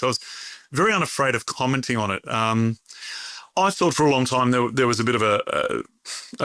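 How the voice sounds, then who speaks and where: Man, middle-aged, chatty storyteller, bright voice, dry close sound. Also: medium pitch, no room sound. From Australia. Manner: chatty, animated storyteller with frequent laughs and restarts. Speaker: interview guest, bakery owner. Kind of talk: conversational interview.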